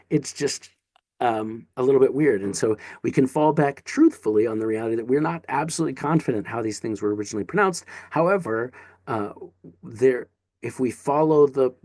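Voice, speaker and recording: Man, Greek teacher, chatty and encouraging, mid-pitched voice, dry close sound. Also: dark tone, no echo. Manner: chatty and encouraging, with asides and restarts. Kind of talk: casual online lesson.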